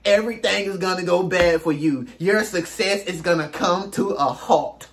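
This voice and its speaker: Give me a high-pitched man delivering a slangy, emphatic motivational talk to his followers. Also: moderate pace, fairly bright tone. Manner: slangy, emphatic, peppered with rhetorical "huh?". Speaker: self-help video host. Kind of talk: casual motivational monologue.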